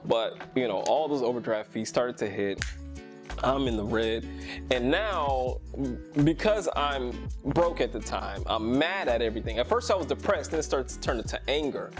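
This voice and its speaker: Animated man telling stories over music. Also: moderate pace. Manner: animated, laughs often, acts out quoted people in a higher voice. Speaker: vlogger. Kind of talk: casual storytelling to camera.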